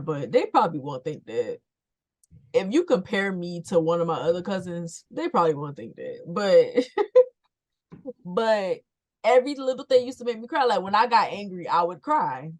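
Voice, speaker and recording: A young woman talks frankly on a podcast, laying out her thoughts in repeated steps. Her voice sits a little low and her delivery stays loose and conversational. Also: very animated, moderate pace. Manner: candid, talks in plans and repeats herself. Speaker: podcast co-host. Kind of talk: casual chat.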